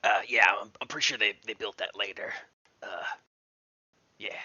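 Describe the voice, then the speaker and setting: A man's voice: on the low side, normal speed, gravelly, bright, forceful tone, breathy edge, dry recording, muffled recording. A man playing a tabletop game, tentatively explaining what he believes. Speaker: player. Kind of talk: casual tabletop game chat.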